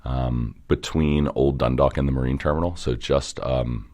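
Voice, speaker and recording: A young man from the Baltimore area, an entrepreneur guest in a casual interview, rambling and animated, swearing now and then. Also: extremely low pitch, moderate pace. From Baltimore area, Maryland.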